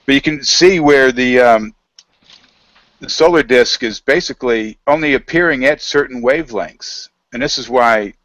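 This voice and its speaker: A man telling a rambling story in a casual, halting way, full of fillers and quoted dialogue, over a video call. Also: medium pitch, a bit bright, dry recording. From United States.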